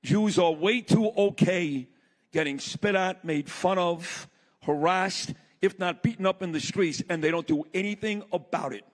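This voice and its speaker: A man's voice: sits high, a little slow. A man giving a blunt, impassioned speech to a live audience, telling a story from the stage. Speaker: summit speaker. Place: large hall. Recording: long reverb of a large hall.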